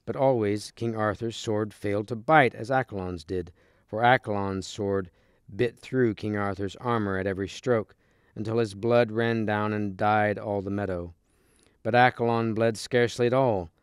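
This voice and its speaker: Low, clear-voiced man reading a story aloud. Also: moderate pace, no room sound, clean studio sound. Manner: steady, clear narration. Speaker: reader.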